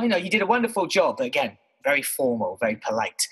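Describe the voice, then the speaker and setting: A man, co-host of a podcast, casually telling stories from his bedroom in an animated, self-mocking way, swearing freely. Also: mid-range voice, quick pace, hardly any pauses, slightly rough, low-quality recording. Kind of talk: casual storytelling monologue.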